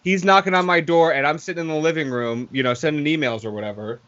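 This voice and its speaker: A man's voice: a little high, quick pace, muffled recording. A man telling a long story on a podcast in casual, profane chat, acting out what others said. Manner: animated, profane, acts out quotes. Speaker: podcast co-host.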